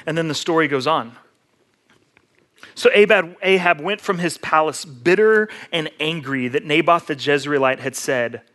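High-voiced man preaching a sermon. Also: expressive, moderate pace, pushed and bright. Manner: conversational storytelling, retells scripture casually. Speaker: pastor.

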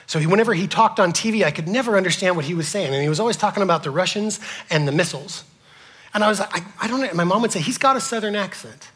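A man preaching a sermon to his congregation, asking them questions and swinging from loud to whispered. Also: high-pitched. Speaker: pastor.

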